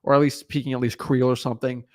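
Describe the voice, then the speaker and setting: A young man giving an energetic motivational talk as a real estate coach, emphatic and often asking "right?". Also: medium pitch, very fast. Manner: emphatic, repeats words, asks "right?" often.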